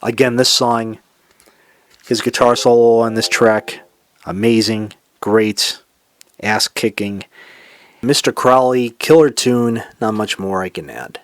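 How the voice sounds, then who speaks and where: A man with a Boston accent hosting a solo classic rock show, talking with excitement and now and then singing bits of lyrics. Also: medium pitch, takes it slowly, no echo. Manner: enthusiastic, sings lyrics and imitates singers. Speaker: podcast host. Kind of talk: casual solo music commentary.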